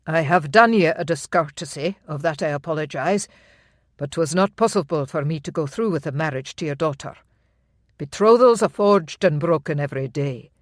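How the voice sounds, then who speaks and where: A steady Highland laird speaks with calm authority, measured and assertive. An audiobook narrator gives him a slightly louder, firmer delivery. Dry, close recording. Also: no room sound, close to an everyday voice.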